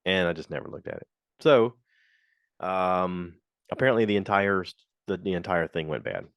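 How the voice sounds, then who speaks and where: A man with a deep, low voice tells a casual story on his podcast. He talks frankly and complains as he goes, and acts out the people in it. The recording is close and dry, with no room sound. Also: normal speed, dry recording. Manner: animated, slips into quoted voices. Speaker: podcast host.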